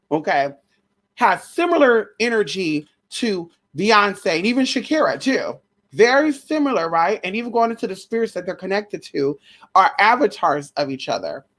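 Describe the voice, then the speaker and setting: Sassy, brash woman gossiping on a livestream. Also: on the low side. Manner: sassy, brash, slangy, swears a lot. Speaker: livestream host. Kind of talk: casual spiritual gossip chat.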